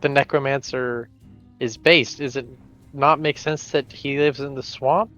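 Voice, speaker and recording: A man voicing a calm male dwarf adventurer, speaking in a measured, thoughtful way. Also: mid-range voice, soft background music, natural voice. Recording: dull lo-fi sound.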